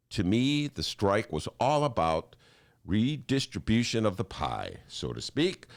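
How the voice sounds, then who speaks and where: An older man from Chicago hosting a talk show, ranting theatrically and laughing as he talks. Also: fairly low pitch. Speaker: host.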